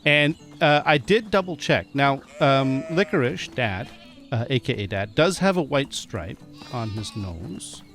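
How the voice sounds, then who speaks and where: A man's voice: mid-range voice, lively intonation, a little slow, fairly bright tone, faint music behind. A man giving casual, chatty gameplay commentary, often laughing and talking to the animals in the game. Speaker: gameplay streamer. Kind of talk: casual let's-play commentary.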